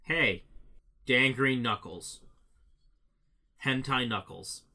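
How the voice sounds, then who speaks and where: A man's voice: medium pitch, drawn-out words, pushed and bright. A young man co-hosting a podcast, chatting casually and opinionated, swearing freely. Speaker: podcast co-host. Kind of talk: casual chat.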